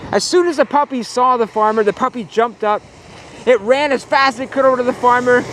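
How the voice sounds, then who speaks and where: A man's voice: high voice, a little hiss or hum. A male pastor giving a casual sermon outdoors at a farm, telling a story with some fillers.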